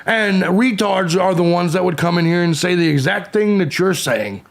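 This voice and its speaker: Gravelly, combative man streaming live. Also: high voice, expressive, normal speed. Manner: combative, profane, taunting trolls in chat. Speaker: livestream host. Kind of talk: live stream chat, reading and answering comments.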